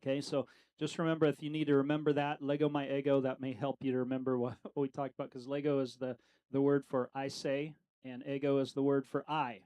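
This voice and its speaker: A man's voice: mid-range voice, flat delivery, fairly quick, mellow, rough recording. A middle-aged man leading a casual Bible study, talking conversationally with lots of fillers and questions to the group.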